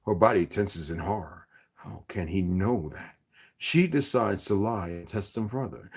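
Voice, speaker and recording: A man reading a romance novel aloud, expressive and occasionally correcting himself. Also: sits low, a little slow, creaky, breathy edge. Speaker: reader.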